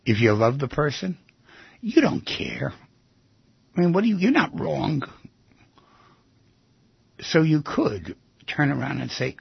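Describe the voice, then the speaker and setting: A man with a very husky, gravelly voice hosts an advice talk show, his pitch swinging widely as he talks. He is folksy and animated, acting out little exchanges. The sound is dull and lo-fi. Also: slow pace, pauses often, no echo. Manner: animated, folksy, acts out quoted speech. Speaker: talk radio advice host.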